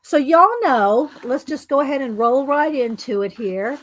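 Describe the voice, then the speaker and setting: A woman's voice: sits high, measured pace. A middle-aged woman hosting a live art stream, greeting viewers by name in a chatty way and laughing often.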